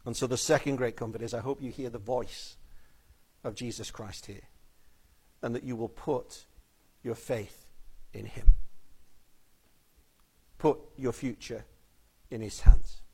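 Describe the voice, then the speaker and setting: A man preaching a sermon in an earnest, pleading way, often dropping to a soft, intense tone on key phrases. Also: medium pitch, fairly even intonation, normal speed, pauses often, breathy edge.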